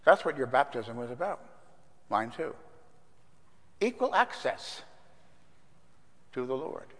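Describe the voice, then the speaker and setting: An older man gives a conversational sermon, mixing stories with scripture in an everyday, mid-pitched voice. His words echo with a long church reverb. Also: very animated, takes it slowly, a bit bright. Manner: conversational, anecdotal, with fillers. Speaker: pastor.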